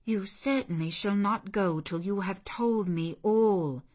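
A woman's voice: medium pitch, slow, darkish tone. A woman voicing a fiery, insistent young heroine. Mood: fervent. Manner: insistent and fervent.

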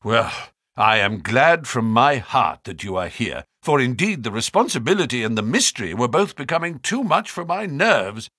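A man's voice: mid-range voice, big pitch swings, moderate pace, a bit bright, husky, dry recording, studio quality. A man reading the part of an earnest, loyal doctor in an audiobook, speaking with emphasis.

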